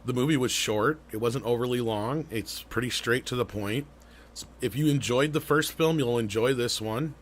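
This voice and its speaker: A man's voice: medium pitch, moderate pace, a little hiss or hum. A man co-hosting a live online talk show, chatting casually, rambling with fillers, restarts and the odd swear. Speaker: podcast co-host. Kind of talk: casual live-stream chat.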